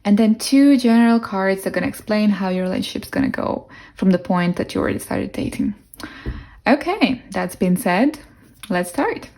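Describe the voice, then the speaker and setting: A woman's voice: mid-range voice, big pitch swings, moderate pace, a little mellow. A young woman with a non-native English accent giving a casual pick-a-card tarot reading, musing aloud with fillers and restarts. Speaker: tarot reader.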